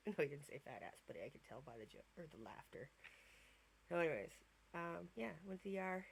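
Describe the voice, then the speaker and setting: A woman in her thirties talks straight to camera from home in a loose, rambling vlog. Her voice carries a gravelly fry, and she swears freely while poking fun at herself. She keeps wandering off topic and then pulling herself back. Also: deep voice, lively intonation, quick pace. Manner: profane, rambling, self-mocking. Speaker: vlogger. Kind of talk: casual storytelling vlog. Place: at home, in bed.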